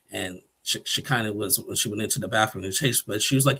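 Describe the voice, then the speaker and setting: A man's voice: fairly low pitch, a little fast, few pauses, sharp tone, slightly rough. A man giving a casual, rambling recap of a TV episode, chuckling often and acting out quotes.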